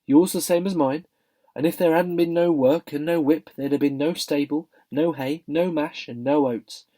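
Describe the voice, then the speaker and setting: A man voicing a blunt, working-class London cab driver who talks plainly and loudly. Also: on the high side, fairly even intonation, moderate pace, pitched above the performer's own voice, lightly acted. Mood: earnest. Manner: blunt, chatty, dropped grammar.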